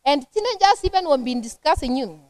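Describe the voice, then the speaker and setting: Kenyan lady speaker at a church parenting seminar, high voice, dry close sound, chatty and lively. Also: fairly quick, dry recording. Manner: lively, conversational teaching that acts out everyday scenes. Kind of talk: seminar talk to a church women's group.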